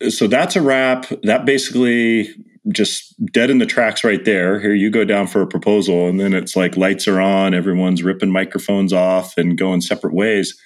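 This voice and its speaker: A man's voice: low-pitched, flat delivery, moderate pace. A man hosting a podcast, asking casual questions and rephrasing them as he goes. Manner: conversational, interjects and rephrases questions. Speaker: podcast host.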